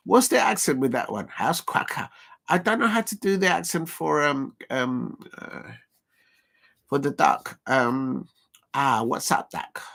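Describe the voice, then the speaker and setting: A man's voice: on the high side, a bit bright. A man hosting a casual live stream watch-along, rambling and chuckling as he chats to viewers.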